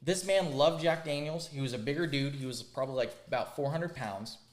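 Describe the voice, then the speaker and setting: A man hosting a podcast, telling crude stories in a casual, animated, emphatic way. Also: a little high, fairly quick, roomy sound. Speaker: podcast host. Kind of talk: casual storytelling chat.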